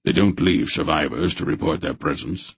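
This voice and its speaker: A man voices a commanding old sorcerer in an audiobook, steady and matter-of-fact. The voice is very deep and husky, recorded close and dry. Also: normal speed, no room sound, full character voice. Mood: calm.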